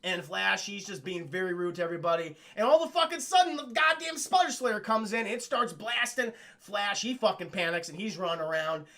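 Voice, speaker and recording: A man's voice: high-pitched, fairly quick, hardly any pauses, a bit bright. A young man streaming a rambling, profane episode recap, talking straight to his chat. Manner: rambling, swears constantly, keeps addressing chat. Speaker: streamer reviewing a cartoon.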